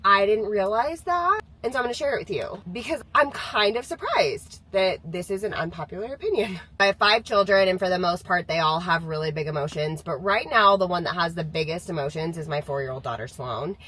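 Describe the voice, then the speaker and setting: A woman's voice: lowish voice, lively intonation, a little fast, hardly any pauses, fairly bright tone, low-quality recording. A woman in her thirties, a mother chatting candidly to camera about parenting, laughing now and then as she talks. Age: 30s. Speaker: mom sharing parenting views. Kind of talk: casual talking-to-camera vlog.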